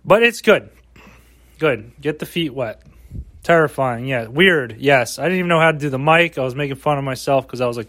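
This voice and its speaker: A man's voice: mid-range voice, brisk, a bit bright, no echo. A man hosting a solo podcast, rambling casually with lots of swearing and mock pep talk, recorded outdoors. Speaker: podcast host.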